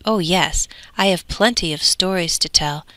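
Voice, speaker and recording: A woman's voice: lowish voice, measured pace, no room sound. A woman voicing the west wind as a wild, boastful young man. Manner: lively, boastful.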